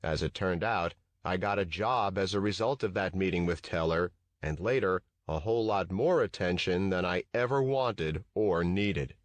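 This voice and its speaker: A man narrating a first-person memoir audiobook in a measured, even reading. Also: sits low, no room sound.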